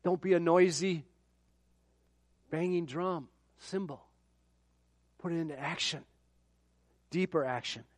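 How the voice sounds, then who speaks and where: A middle-aged man delivers a sermon in a casual, conversational way, breaking off into joking asides. His voice sits a little high for a man. The sound is dry and close, with no room echo. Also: takes it slowly, pauses often. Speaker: pastor.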